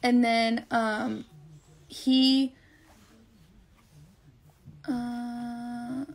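A woman's voice: a little high, flat delivery, very slow. A young woman telling a long personal story on a live stream in a rambling, profane, emotional way. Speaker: livestreamer.

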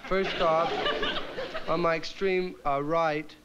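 An actor playing a stage performer who introduces his act in a rambling, halting way, correcting himself as he goes. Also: fairly high pitch, steady tone, muffled recording. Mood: bumbling. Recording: noisy old TV soundtrack with crowd.

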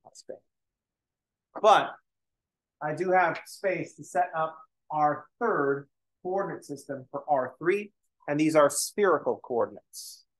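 Joking male math lecturer, higher voice. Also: lively intonation, slow, long pauses. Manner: joking, self-deprecating asides while explaining. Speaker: math instructor. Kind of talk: casual lecture at a whiteboard.

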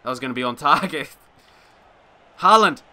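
A young man commentating his own football video game, excitable and quick to rant in frustration. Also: fairly high pitch. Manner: excitable, swings into frustrated shouting and rants. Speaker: gaming YouTuber. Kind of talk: live gameplay commentary.

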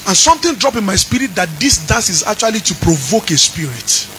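High-voiced chanting pastor. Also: male voice, very animated, fairly quick, a little hiss or hum, poor audio. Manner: chanting, rising into shouts. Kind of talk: sermon.

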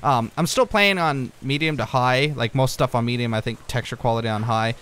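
A young man giving casual let's-play commentary, rambling and easily distracted, breaking into excited outbursts at what he finds on screen. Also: mid-range voice, a little fast, clear, resonant tone. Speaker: gaming video creator.

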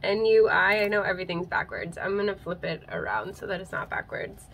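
A young plant vlogger gushes through a casual unboxing, laughing and crying, her voice catching over what she unwraps. She speaks fairly quickly in a low-ish, fairly bright, very animated voice. The handheld-camera recording is rough, with slight background noise.

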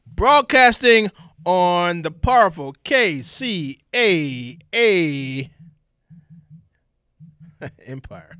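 A middle-aged man hosting a radio talk show in a studio, exuberant and playful, breaking into booming shouts. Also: dry recording. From Southern California.

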